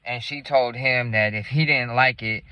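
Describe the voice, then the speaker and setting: A man's voice: mid-range voice, fairly even intonation, moderate pace, sharp tone, clean tone, no room sound, rough recording. A man telling a story in a casual, rambling, profane way.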